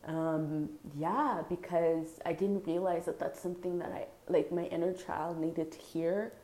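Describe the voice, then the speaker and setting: A woman's voice: lowish voice, steady tone, measured pace, dark tone, roomy sound. A woman host speaking earnestly and heartfelt in a casual spiritual talk, with many fillers. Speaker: podcast host.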